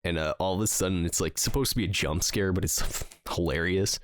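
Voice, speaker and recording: This podcast co-host has a low-pitched voice and talks a little fast, recorded dry. His talk is casual chat, meandering through stories full of fillers and laughs.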